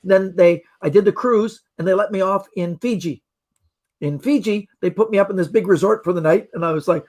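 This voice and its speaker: A middle-aged man, a magician guest on a podcast, telling a travel story in a lively way and acting out the people in it. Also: high voice, fairly quick. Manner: lively anecdotal telling with acted-out quotes. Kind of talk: animated storytelling.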